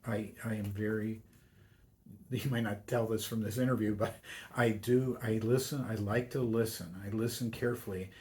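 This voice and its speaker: A man's voice: fairly low pitch, darkish tone. An older man, a university chaplain and priest, speaking as a guest in a radio interview, telling stories in a reflective way and acting out the voices of the people he quotes.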